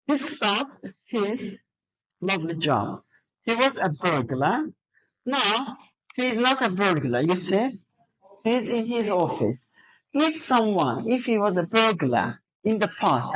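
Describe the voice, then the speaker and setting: A woman's voice: medium pitch, rough recording. A woman teacher trainer running a classroom lesson, drilling students with questions and counting out word stress. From Azerbaijan.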